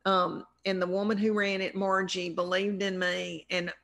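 A woman's voice: lowish voice, flat delivery, normal speed, vocal fry, fairly bright tone. Chatty Southern woman telling stories. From American South. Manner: chatty, rambling, self-deprecating. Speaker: comedian guest. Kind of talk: casual storytelling interview.

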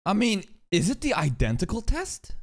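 An anime reaction streamer reacting live, excitable and foul-mouthed, with a voice that swings widely up and down. The pitch sits in the middle, and the talk keeps breaking into laughter. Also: normal speed, gravelly, faint music behind. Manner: excitable, profane, laughs often.

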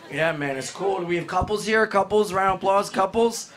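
A man performing a live stand-up set, loud and profane, talking to the crowd and breaking into shrieking bits. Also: high voice, moderate pace. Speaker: stand-up comedian. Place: comedy club with live audience. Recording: noisy live club recording.

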